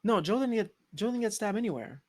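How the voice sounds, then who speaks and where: A young man co-hosting a casual TV episode discussion, slangy and animated, often breaking into laughter as he retells scenes. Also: high-pitched, quick pace, no echo. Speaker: podcast co-host.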